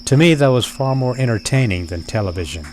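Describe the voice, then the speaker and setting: A man talking in a slow, deliberate, dryly wry way, like he's keeping a video diary. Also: mid-range voice, animated, darkish tone, slight background noise. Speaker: vlogger.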